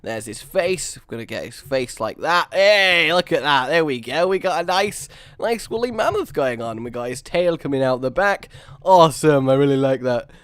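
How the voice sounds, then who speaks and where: A man's voice: medium pitch, lively intonation, moderate pace, clear, resonant tone, no room sound. A man hosting a gaming video, telling a rambling, self-mocking story while he builds in a game.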